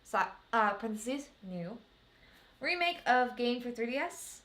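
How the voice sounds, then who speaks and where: A woman's voice: fairly high pitch, expressive, measured pace, a bit bright. A woman co-hosting a casual podcast, reading items off a list in a chatty, giggly way. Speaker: podcast co-host. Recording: roomy room echo.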